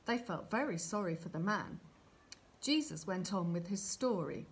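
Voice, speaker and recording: A woman reading a Bible story aloud for children in an expressive, animated storytelling manner. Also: on the low side, normal speed.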